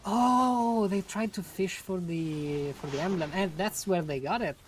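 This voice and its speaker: A woman providing color commentary for a live esports tournament. Her voice sits low and she stays laid-back, laughing easily while unpacking the strategy. A faint background hum sits under the mic. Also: unhurried. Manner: laid-back, giggly, analytical asides. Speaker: co-caster.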